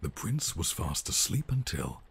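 A man narrating a children's storybook in a game, with an even storyteller delivery. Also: very deep voice, a little slow, slightly rough, full character voice.

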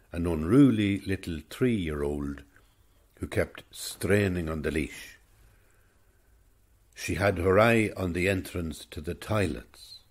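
Deep husky older Irish storyteller. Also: male voice. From Ireland. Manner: reflective, digressive. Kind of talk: rambling storytelling monologue.

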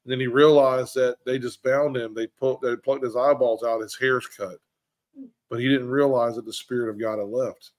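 A man at a middle pitch leads a relaxed bible study with a group. He talks in an animated way and slips into other voices when he quotes people. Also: moderate pace. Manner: animated, acts out quoted characters. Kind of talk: casual group bible discussion.

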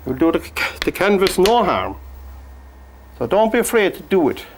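A man teaching a painting demonstration, gently coaxing the brushstrokes as if talking to the paint. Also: high voice, very animated, normal speed, a little hiss or hum. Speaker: painting instructor.

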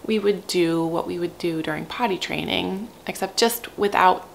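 A woman's voice: lowish voice, normal speed, gravelly, a little hiss or hum. A young woman, a mother of three, chatting frankly to camera at home and laughing often. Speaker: parenting vlogger, mother of three. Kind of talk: casual chat to camera.

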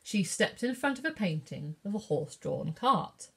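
A woman's voice: low-pitched, very animated, normal speed, gravelly, few pauses, a bit bright, slightly rough. A woman librarian reading a picture book aloud at story time.

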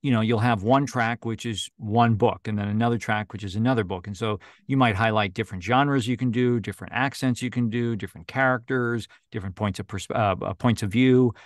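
A man's voice: on the low side, a little fast, few pauses, dry recording, studio quality. A man who narrates audiobooks, chatting casually as a video call guest, with lots of fillers and restarts. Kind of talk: casual interview chat.

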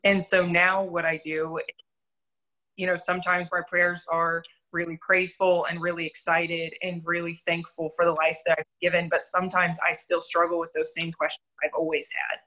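A woman's voice: fairly low pitch, level tone, normal speed, bright, forceful tone, rough recording. A young adult woman sharing her faith testimony in an interview, telling her story candidly and earnestly with self-deprecating humor.

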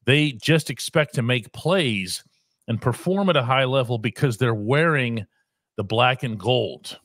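A sports columnist hosts a talk show, measured and wry as he explains the news. His voice sits at a middle pitch. The recording is dry and close. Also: lively intonation, fairly bright tone, no room sound.

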